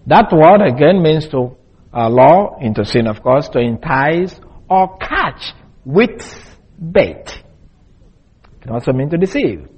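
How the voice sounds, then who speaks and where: A male Bible teacher giving a deliberate expository lesson and spelling out Greek words letter by letter. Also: fairly high pitch, very animated, slightly rough, muffled recording.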